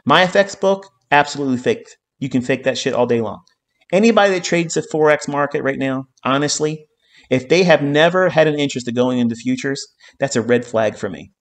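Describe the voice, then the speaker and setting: A man's voice: mid-range voice, fairly quick. A man lecturing on trading in a heated live-stream rant. He swears constantly, repeats his lines for emphasis and keeps checking in with an insistent "okay?". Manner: heated, profanity-laden ranting with repeated phrases; emphatic, hammering points with "okay?".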